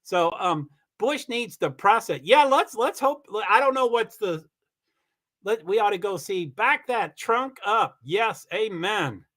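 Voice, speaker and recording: A man hosting a livestream, giving rambling, chatty commentary on a car race and swearing when he gets excited. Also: high-pitched, measured pace. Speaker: livestream host. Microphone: computer mic on a streaming call.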